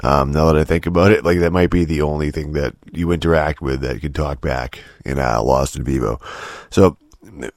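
A man's voice: extremely low pitch, fairly even intonation, normal speed, a little mellow, dry recording, studio quality. A man rambling through a casual, profane rant about a game, exasperated and full of restarts. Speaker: game commentator.

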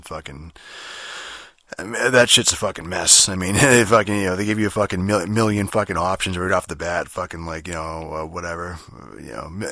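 A man's voice: deep voice, pushed and bright, no echo, studio quality. A young man rambling through a profane, filler-heavy review of a video game. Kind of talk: casual spoken game review rant.

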